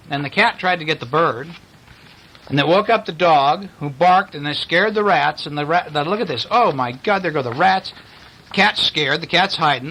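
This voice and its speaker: A man's voice: high voice, bright, forceful tone, rough recording. Playful man reading bedtime stories. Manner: playful, chatty, pauses to point at pictures. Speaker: storyteller reading picture books to a child. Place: in bed at home.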